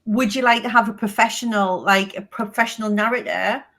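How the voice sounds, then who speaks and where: A woman's voice: medium pitch, fairly quick. A woman with a strong Geordie accent, a guest telling stories in a casual interview and swearing freely. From Northeast England. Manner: lively storytelling, swears casually. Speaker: podcast guest, business coach.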